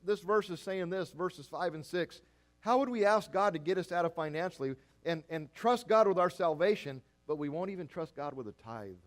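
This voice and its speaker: Middle-aged man, pastor delivering a folksy sermon, slightly high voice, shifts from quiet asides to emphatic repeated phrases. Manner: folksy storytelling preacher, repeats phrases, swings from soft to emphatic.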